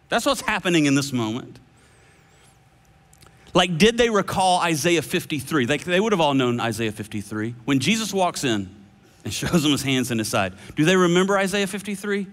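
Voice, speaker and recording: A man preaching a sermon, animated and playful with shifting voices. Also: a little high, normal speed. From United States. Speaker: pastor. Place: large church hall. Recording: long hall reverb.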